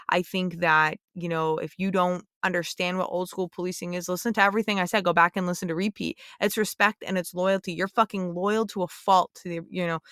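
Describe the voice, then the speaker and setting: A woman's voice: on the low side, pushed and bright, clear, resonant tone, no room sound, studio quality. Blunt, profane woman police officer. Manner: profane, emphatic, lectures listeners directly. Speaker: podcast host, police officer. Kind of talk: blunt opinionated monologue.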